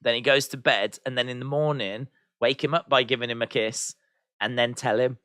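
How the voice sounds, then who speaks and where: A man's voice: mid-range voice, moderate pace, sharp tone, no echo, clean studio sound. A man hosting a live watch-along stream, chatting casually, reading out viewer comments and answering them with playful teasing humor. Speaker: livestream host.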